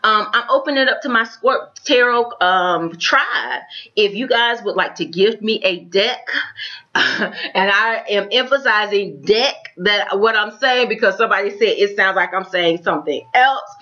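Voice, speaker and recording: Upbeat woman w/ florida accent doing a tarot reading, bright voice, kinda dull lo-fi sound. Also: mid-range voice, unhurried. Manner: chatty, upbeat, addresses viewers as guys. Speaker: tarot reader. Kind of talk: casual tarot reading to camera.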